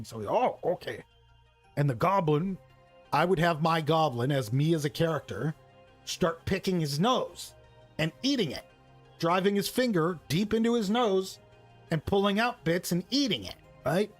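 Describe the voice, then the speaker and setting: A man chatting casually and excitedly about tabletop gaming, swearing, laughing and tossing in "bro" and "right". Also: a little high.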